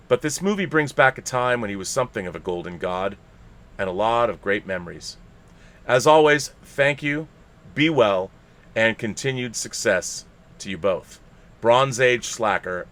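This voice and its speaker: A man with a mid-range, fairly bright voice hosts a live podcast. He reads a listener's letter aloud playfully and theatrically, breaking into bursts of laughter.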